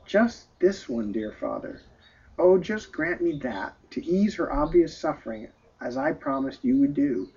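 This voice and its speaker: A man voicing an anguished, humble friar who prays and pleads softly and tearfully. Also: a little high, very animated, unhurried, gravelly, breathy edge, full character voice. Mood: pleading. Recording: dull lo-fi recording.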